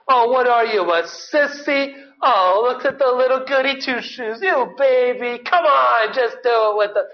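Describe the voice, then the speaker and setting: A man's voice: high-pitched, animated, moderate pace, lo-fi sound. A man voicing a group of young men taunting and coaxing a friend to join them. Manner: mocking, coaxing, jeering.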